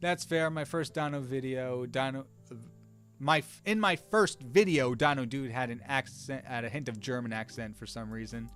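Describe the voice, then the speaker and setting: A man's voice: mid-range voice, moderate pace, a bit bright, smooth. A young man chatting casually on a live stream while he draws, rambling and stopping himself mid-sentence, with faint music behind him. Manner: rambling, self-interrupting, chats to viewers by name. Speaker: streamer drawing with live chat.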